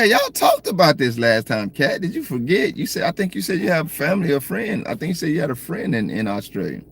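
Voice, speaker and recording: A man's voice: low-pitched, gravelly, slight background noise. A man with a Southern American accent, sitting in his parked car and chatting casually with viewers on a livestream, joking and reading their comments. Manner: laid-back, joking, talks straight to viewers. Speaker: livestream host.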